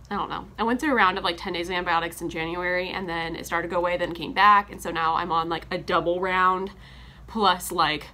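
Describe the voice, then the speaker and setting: A woman's voice: fairly low pitch, sharp tone, slight background noise. A young woman vlogger chatting casually while making breakfast in her kitchen, rambling with lots of "like" and small laughs, congested from a sinus infection and a little out of breath. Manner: chatty, rambling, heavy use of "like", frequent laughs. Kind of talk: casual chat while cooking. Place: home kitchen.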